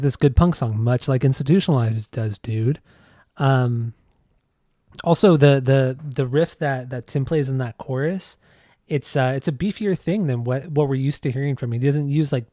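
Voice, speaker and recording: A man's voice: mid-range voice, moderate pace, dark tone, no room sound, clean studio sound. A man co-hosting a casual music podcast, rambling through his thoughts with lots of fillers. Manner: rambling, filler-heavy, laughs easily. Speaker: podcast co-host.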